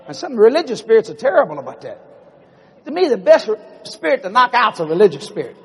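A man preaching a comic sermon, acting out bible characters with animated storytelling to a congregation. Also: high voice, fast, breathy edge. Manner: animated, acts out bible characters in a Southern drawl. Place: large church hall before a congregation. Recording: reverberant church hall.

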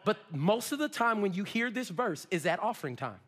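A male pastor preaching a sermon, swinging between shouts and low asides. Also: very animated, fairly quick, few pauses, in a large hall. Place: church sanctuary.

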